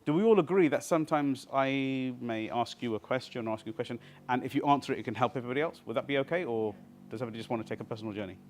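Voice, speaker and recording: In a seminar room with slight background noise, a trainer teaches a small group at a very fast pace in a medium-pitched voice. His live workshop is interactive, and he often pauses to check that the group is keeping up.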